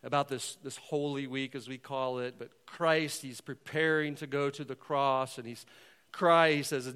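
A pastor preaching a sermon in a conversational, earnest way, swinging between loud emphasis and quiet asides. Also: male voice, mid-range voice, steady tone, measured pace, clear, resonant tone.

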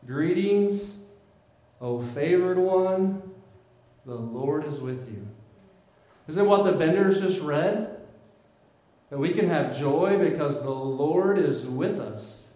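Conversational male pastor in an echoey hall. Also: mid-range voice. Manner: conversational, animated, frequent "like". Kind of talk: sermon. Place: church sanctuary.

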